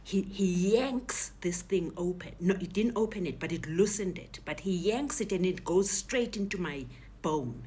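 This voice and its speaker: Middle-aged South African woman, low-pitched, soft near-whispered testimony, emotional personal telling. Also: animated, normal speed, slightly rough. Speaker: guest telling her story.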